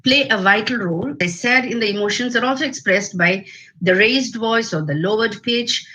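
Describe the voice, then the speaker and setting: A woman with an Indian English accent giving an academic lecture on phonetics over a video call, deliberate and full of fillers and restarts. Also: a little high, pushed and bright, poor audio.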